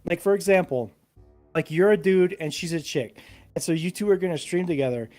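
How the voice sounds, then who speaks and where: A slightly drunk man in casual chat, rambling and profane, insisting loudly on his points. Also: on the high side, a little fast, soft background music. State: tipsy. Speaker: podcast co-host.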